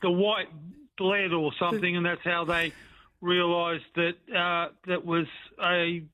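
A man calling in to a radio quiz, polite and unhurried, heard over a phone line. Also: sits high, little pitch movement, a little hiss or hum. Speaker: caller.

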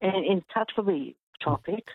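A woman calling a radio quiz, chatty and quick to laugh. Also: medium pitch, expressive, dry recording. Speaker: caller. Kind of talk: casual radio phone-in. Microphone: telephone. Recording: tinny phone line.

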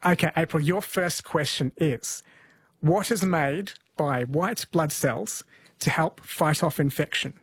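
A man's voice: a little high, slow, slightly rough, no echo. A man hosting a radio quiz, chatting casually and joking as he explains at length. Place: radio studio.

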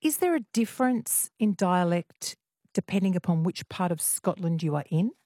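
A woman's voice: lowish voice, animated, moderate pace, warm tone, no room sound, clean studio sound. Playful woman radio host. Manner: chatty, playful teasing. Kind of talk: radio phone-in interview.

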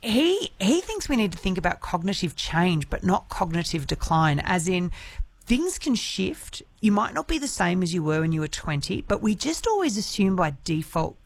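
A woman's voice: on the low side, big pitch swings, moderate pace, dry recording. A woman hosting a radio show in casual, chatty talk, often restarting her sentences. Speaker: radio host. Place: radio studio.

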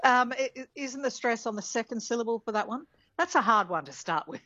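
A woman's voice: on the high side, lively intonation, a little fast, bright, forceful tone, no room sound, muffled recording. A middle-aged woman, a linguistics professor explaining words in a radio interview, thinking aloud as she goes.

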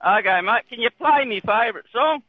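Give me an Australian farmer phoning a radio show, dry and laconic, his voice pitched high and coming through a tinny phone line. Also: animated, brisk, breathy edge, no echo. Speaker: caller, farmer. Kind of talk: casual phone call to radio.

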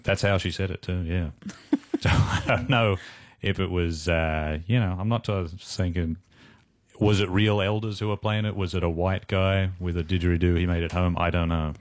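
Very deep-voiced wry man. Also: fairly even intonation, normal speed, dry recording. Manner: wry, laid-back. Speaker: radio co-host. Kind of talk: casual chat.

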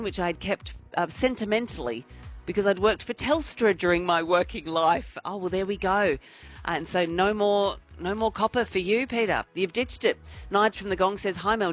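A woman hosting talkback radio in a chatty, conversational way, reading out listener messages. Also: medium pitch.

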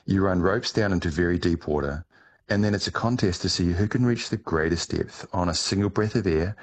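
A middle-aged man answering interview questions, telling his story in a relaxed way with some restarts. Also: sits low, brisk. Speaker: guest, ice diver.

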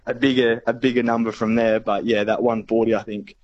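A man's voice: medium pitch, little pitch movement, a little fast, a little mellow. An enthusiastic Australian man reporting on fishing in a casual radio chat, rambling with fillers and restarts, heard over a phone line.

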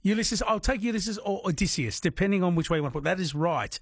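Man, radio quiz host, husky voice, fairly high for a man, dry studio sound. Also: expressive, fast talker, no echo. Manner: chatty, laughs easily with callers. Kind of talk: late-night radio quiz chat. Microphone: studio microphone.

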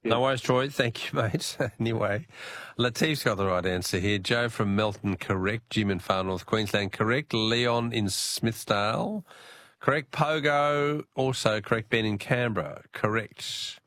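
A man's voice: lowish voice, a little slow, fairly bright tone, dry recording. A man hosting a call-in radio quiz, bantering with callers and laughing often.

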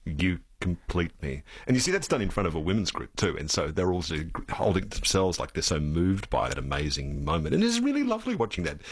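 A deep-voiced man interviews his guest with a husky tone. His questions ramble and restart, and his pitch moves widely as he pushes a point. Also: huge pitch swings, quick pace, hardly any pauses.

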